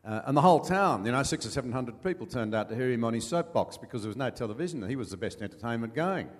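An older man with an Australian accent, a former politician telling folksy stories as an interview guest, pausing with many fillers. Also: mid-range voice, lively intonation, in a large hall. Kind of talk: anecdotal storytelling.

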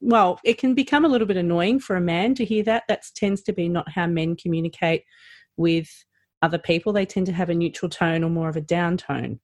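Woman practitioner, low-ish voice, chatty podcast guest, dead-dry mic. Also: fairly quick, dry recording. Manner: animated, rising and falling pitch, lots of fillers. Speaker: practitioner educator. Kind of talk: podcast conversation.

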